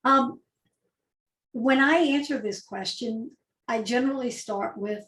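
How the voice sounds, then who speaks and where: Higher-voiced woman giving a coaching talk. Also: unhurried, long pauses, fairly bright tone, reverberant, low-quality recording. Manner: conversational and direct, with rhetorical questions. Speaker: agile coach and speaker. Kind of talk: presentation talk.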